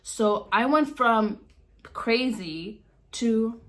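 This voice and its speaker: A young woman vlogger telling a dramatic story in a casual, animated way, full of fillers and acted-out sounds. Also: fairly high pitch, drawn-out words.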